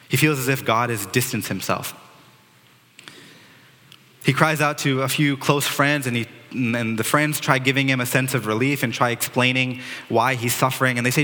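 Male pastor, earnest sermon delivery, bright tone, long hall reverb. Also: medium pitch. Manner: earnest preaching with dramatic quotes and restarts.

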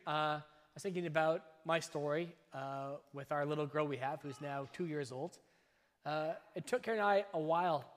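Guy preaching a sermon, kinda high voice, pauses a lot for emphasis, long church echo. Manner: measured, emphatic delivery with phrase-by-phrase pauses. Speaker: pastor. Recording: long reverb of a church hall.

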